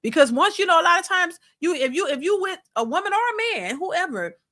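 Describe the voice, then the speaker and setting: Bright-voiced rambling New woman. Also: very high voice, sing-song, brisk. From New Orleans, USA. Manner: rambling, many fillers and restarts. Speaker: reaction channel host. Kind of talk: casual commentary reading live chat.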